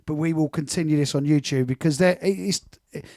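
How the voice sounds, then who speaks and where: Eager host with a lightish voice. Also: male voice, a little high, a little fast, dark tone, no room sound, studio quality. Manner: enthusiastic, stumbling restarts. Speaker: host of a music chat show. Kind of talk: casual interview chat.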